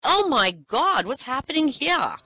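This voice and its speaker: A woman voicing a prim elderly queen who gasps in high-pitched, scandalized exclamations. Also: very animated, measured pace, sharp tone, a little hiss or hum, exaggerated voice, poor audio.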